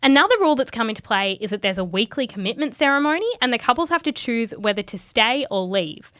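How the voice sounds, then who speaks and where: A woman's voice: fairly high pitch, lively intonation, fast talker, fairly bright tone, no echo, clean studio sound. A woman co-hosting a podcast, reading a wry script and laughing along. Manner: wry, laughing as she reads. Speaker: podcast co-host.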